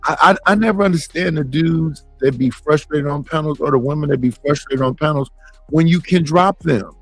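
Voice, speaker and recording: A man hosting a casual commentary show, blunt and animated, acting out quoted arguments. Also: a little high, a little fast, no echo, soft background music, low-quality recording.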